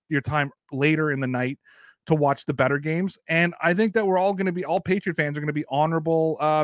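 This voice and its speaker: A man's voice: fairly high pitch, no room sound, studio quality. A Canadian man hosting a casual sports talk show, blunt, profane and opinionated. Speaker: sports podcast host.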